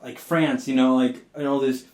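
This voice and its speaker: A man's voice: mid-range voice, steady tone, moderate pace, a little mellow. A young man hosting a podcast, chatting casually and rambling with lots of filler words. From Southern California. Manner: rambling, fills with "like" and "you know". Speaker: podcast host. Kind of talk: casual chat. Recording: echoey room.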